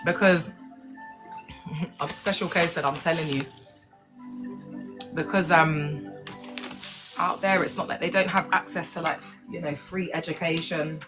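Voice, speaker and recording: Over music, a woman livestreaming from home on her phone speaks in a low, steady voice at a measured pace, pausing often. The host is frank and chatty, rambling, checking in with "do you know what I mean," and calling viewers "baby" and "my love."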